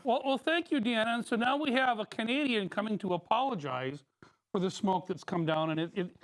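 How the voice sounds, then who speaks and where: A woman's voice: mid-range voice, brisk, natural voice. A woman playing a bumbling TV news anchor who stammers and repeats words, in an improv comedy scene.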